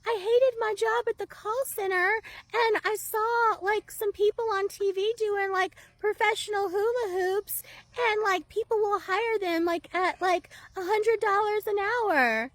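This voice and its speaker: A woman voicing a childish, dramatic young woman who talks in a high, tearful, childlike voice. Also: unhurried, dry recording. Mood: whiny, tearful.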